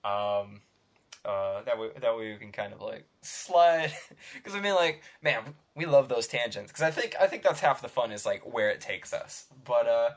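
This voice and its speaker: Man, podcast host, middle pitch, casual rambling talk, laughs often. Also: animated, normal speed. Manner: rambling, laughs between phrases. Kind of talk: casual chat.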